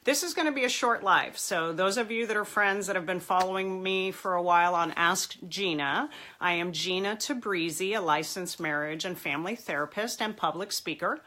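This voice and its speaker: A woman's voice: fairly low pitch, bright, forceful tone, slight background noise. A woman therapist with a stuffy nose and a nasal voice, chatting casually and encouragingly to viewers in a live video. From Southern California. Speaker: marriage and family therapist.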